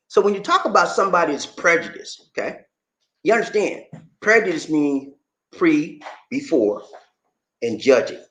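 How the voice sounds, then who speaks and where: A man hosting his own show, explaining things to viewers casually in an animated, playful way and teasing the audience. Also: on the high side. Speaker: host. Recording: echoey room.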